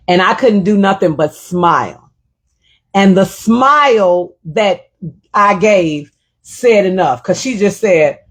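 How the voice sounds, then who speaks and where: Emotional, husky-voiced woman talk host. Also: mid-range voice, expressive, slow pace. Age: middle-aged. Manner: reflective, emotional, repeats phrases. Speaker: show host. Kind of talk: personal storytelling monologue.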